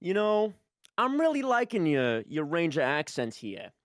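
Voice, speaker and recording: A man's voice: on the high side, wildly swooping pitch, a little slow, no room sound, clean studio sound. A man improvising as a breezy, teasing job interviewer in a comedic party game. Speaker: game player acting as interviewer. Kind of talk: improvised comedic role-play.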